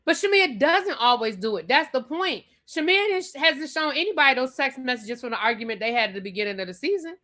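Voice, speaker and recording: Bright-voiced woman ranting casually. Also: sits high, animated, brisk, few pauses. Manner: chatty and sassy, repeats her points. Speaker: host reviewing a reality TV episode. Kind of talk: casual live rant reading viewer comments.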